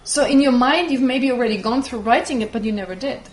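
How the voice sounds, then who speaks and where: Lively high-pitched woman teaching in a roomy hall. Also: fast talker. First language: German. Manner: lively, laughing, explanatory. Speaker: Buddhist teacher. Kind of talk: teaching with audience Q&A. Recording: echoey room, faint noise.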